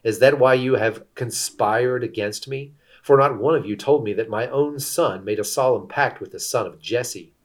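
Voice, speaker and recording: A man's voice: medium pitch, moderate pace, hardly any pauses, natural voice. A man reading the part of an angry, suspicious king who demands answers. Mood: accusing. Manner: accusing, demanding. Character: angry suspicious old king, shouting accusations.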